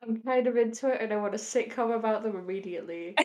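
A woman's voice: a little high, fast talker, mellow, muffled recording. A woman co-hosting a casual chat, dropping dry, wry quips. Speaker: podcast co-host.

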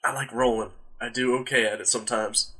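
A man's voice: medium pitch, steady tone, brisk, heavy background noise. A man joking casually as a player in a tabletop game.

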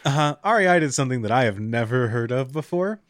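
A man co-hosting a comedy podcast, explaining a story in a sarcastic, deadpan way during casual chat. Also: medium pitch, fast talker. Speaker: podcast co-host.

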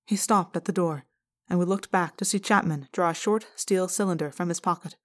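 A woman reading an audiobook aloud in the first person, with steady, measured narration. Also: fairly low pitch. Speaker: audiobook reader.

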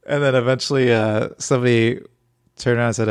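A man's voice: mid-range voice, fairly even intonation, fairly quick, smooth, no echo, studio quality. A man co-hosting a podcast who chats casually and tells anecdotes, laughing often. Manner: chatty storyteller, laughs often. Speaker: podcast co-host. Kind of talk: casual chat.

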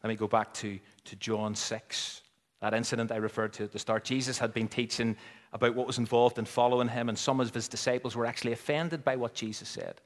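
A male pastor delivers a sermon with dramatic dynamics, rising to loud emphatic peaks and then dropping to hushed, almost whispered lines. His voice carries a long reverb from a large hall. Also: medium pitch, fairly even intonation, fairly quick.

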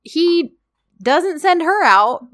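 A woman co-hosting a casual chat, animated and laughing often as she acts out lines. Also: extremely high pitch, extremely slow, no room sound, clean studio sound. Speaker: podcast co-host recapping a TV drama.

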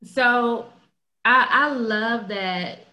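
A woman's voice: a little high, extremely slow, sharp tone, roomy sound. Emphatic woman interview host. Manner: emphatic, affirming. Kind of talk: casual interview talk.

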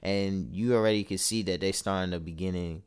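A man's voice: deep voice, steady tone, fairly quick, clear, resonant tone. A man co-hosting a podcast, talking in a laid-back, reflective way and often trailing off and restarting his thoughts. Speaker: podcast co-host. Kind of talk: casual chat. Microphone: phone-like call audio.

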